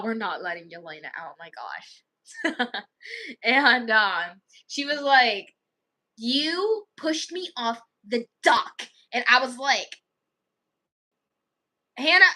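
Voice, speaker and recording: High bright chatty young woman. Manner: chatty, acts out quoted kids, many "like"s. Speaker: vlogger. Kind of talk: casual storytelling.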